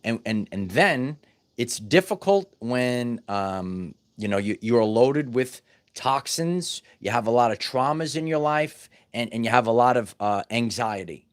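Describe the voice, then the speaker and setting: A man speaking straight to his audience about spiritual growth, at a middling pitch. He talks emphatically, stumbling over and repeating words as he presses his points home. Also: lively intonation, a little slow. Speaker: spiritual wellness vlogger. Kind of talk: casual spiritual teaching monologue.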